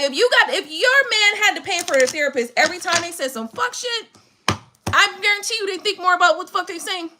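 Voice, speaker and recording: A woman's voice: very high voice, background noise. A woman giving a tarot reading on a live stream. She talks bluntly in casual chat, swears freely and laughs often.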